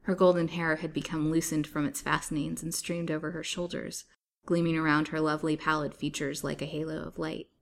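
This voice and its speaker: A woman reading a serialized novel aloud as a storyteller, in a steady, measured way. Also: low voice, vocal fry.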